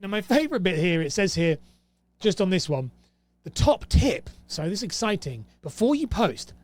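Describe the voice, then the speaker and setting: A man's voice: high-pitched, big pitch swings, moderate pace, darkish tone. A young man hosting a casual commentary, reading rules aloud and reacting with exasperated sarcasm. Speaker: host.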